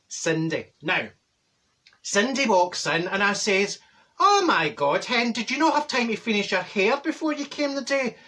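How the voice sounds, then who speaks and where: A man's voice: sits high, sharp tone. A man voicing a brash, chatty middle-aged woman with a Glaswegian accent, telling a comic story in a blunt, gossipy way. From Glasgow. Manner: gossipy, blunt, self-described people person. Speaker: comedy character. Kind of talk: character comedy monologue.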